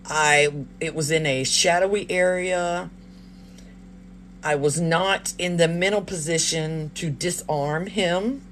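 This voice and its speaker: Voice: medium pitch, slow pace, slight background noise. An adult livestreamer and parent telling a story casually to a live audience. They laugh often and act out the lines of others. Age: adult, parent of a child. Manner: animated, laughs often, acts out quoted lines.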